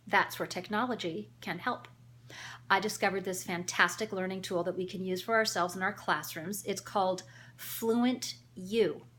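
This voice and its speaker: A woman with a voice of middling pitch delivers a narrated presentation as a teacher. She leans on rhetorical questions to carry her points. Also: fairly even intonation, moderate pace, fairly bright tone, a little hiss or hum. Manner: rhetorical questions, acts out parents talking to a child. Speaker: teacher presenting a learning tool.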